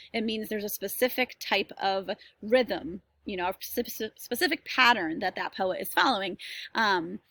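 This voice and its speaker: A woman's voice: on the high side, pushed and bright, no room sound. Lady teacher talking through a screen-share lesson, lots of ums, reassuring, dead dry room. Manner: chatty and reassuring, many ums and likes.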